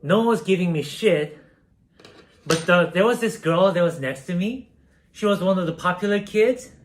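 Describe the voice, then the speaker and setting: A man's voice: high voice, expressive, moderate pace, a little hiss or hum. A young man from South Korea casually telling a story while baking, rambling and self-deprecating, with many fillers. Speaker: streamer.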